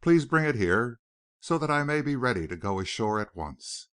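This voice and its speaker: A man reading the part of a polite French detective who speaks slowly and formally with a faint French accent. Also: medium pitch, big pitch swings, a bit bright, clean tone, dry recording, studio quality. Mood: courteous. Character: polite middle-aged male French detective.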